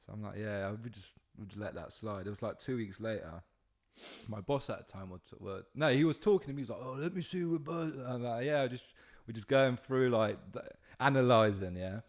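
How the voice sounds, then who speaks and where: A young man hosting a podcast, chatting casually in a mid-pitched voice. He tells work stories full of swearing and acts out what people said. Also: moderate pace. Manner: swearing, storytelling with acted-out quotes. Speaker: podcast host. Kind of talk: casual chat.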